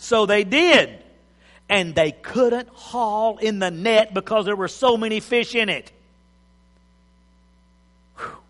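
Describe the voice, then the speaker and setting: A man's voice: sits high, slow, pauses often, a bit bright, in a large hall. A male pastor preaching a sermon, telling the story with acted-out voices and chuckles. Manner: storytelling, acts out scenes, chuckles.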